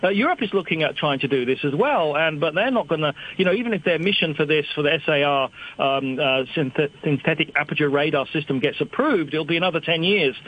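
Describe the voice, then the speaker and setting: A man's voice: fairly high pitch, lively intonation, quick pace, hardly any pauses, slightly rough, lo-fi sound. An older man, a guest expert on a radio show, explaining at length over an old phone, digressive and self-deprecating. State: slightly hard of hearing.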